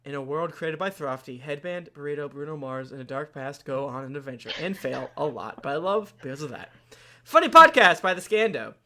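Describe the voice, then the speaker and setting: A man hosting a comedy podcast, reading out listener reviews in a playful, jokey way with sudden loud bursts of emphasis. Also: a little high, expressive, fairly quick, a little hiss or hum. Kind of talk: casual comedic podcast banter.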